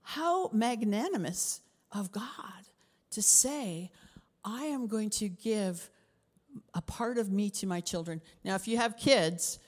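A middle-aged Canadian woman preaching a sermon as a pastor, expressive, sometimes dropping her voice to a whisper for emphasis. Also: mid-range voice, unhurried, long reverb tail.

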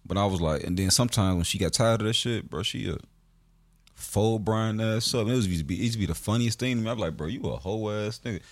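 A man's voice: on the low side, fast talker, no echo. A man co-hosting a casual podcast, telling stories animatedly in slangy talk and repeating his words. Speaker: podcast co-host. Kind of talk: casual chat.

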